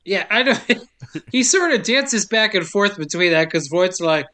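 A man's voice: sits high, expressive, sharp tone. A man co-hosting a podcast, recapping a movie in a joking casual way and laughing often. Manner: joking, laughs often, mimics characters in quick asides.

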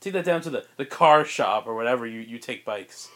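A man voicing a dismissive young woman inventor who mutters her lines quietly and dryly. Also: medium pitch, lively intonation, a little fast, lightly acted.

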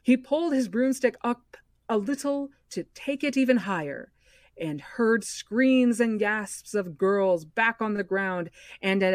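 A woman hosting a book club podcast, reading a novel aloud in a measured, expressive way. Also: mid-range voice, no room sound, clean studio sound.

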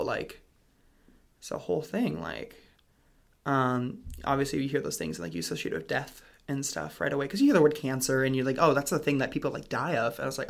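A man's voice: mid-range voice, animated, a little fast, creaky. A young man telling a personal story in a casual, rambling way, full of "like" and "um" fillers. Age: young adult. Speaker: guest telling his story.

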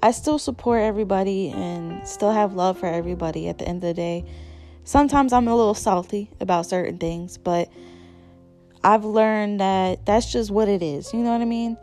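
A woman's voice: medium pitch, normal speed, warm tone, soft background music. A young adult woman hosting her own podcast, talking candidly and casually about her life with many fillers and restarts. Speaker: podcast host. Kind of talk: casual solo podcast chat.

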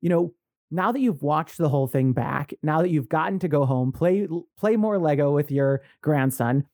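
A woman's voice: deep voice, lively intonation, normal speed, dark tone, no echo, clean studio sound. A woman hosting a podcast interview, asking encouraging questions padded with "you know". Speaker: podcast host.

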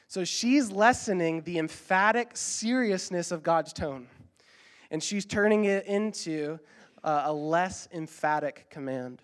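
A male pastor delivering a sermon in a fairly high voice. He preaches earnestly, pressing his points with repetition, and pauses on ums and uhs when he explains a passage. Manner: earnest, emphatic preaching with repeated exhortations; uses fillers like um and uh when explaining.

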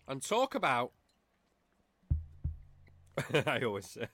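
A man's voice: medium pitch, wildly swooping pitch, slow pace, pauses often, bright, forceful tone, slight background noise. A man hosting a podcast, delivering a profane, rambling and mocking rant on his own. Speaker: podcast host. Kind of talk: ranting podcast monologue.

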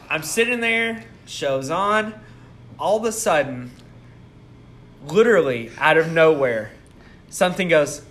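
A man's voice: on the high side, slight background noise. A man co-hosting a podcast, telling a story in casual chat with lots of laughter. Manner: animated storyteller, laughs often. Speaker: podcast co-host.

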